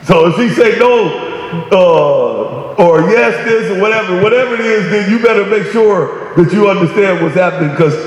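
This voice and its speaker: A man's voice: high-pitched, moderate pace, lo-fi sound. A man preaching a sermon, talking conversationally and then rising into emphatic bursts. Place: church sanctuary. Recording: very echoey hall.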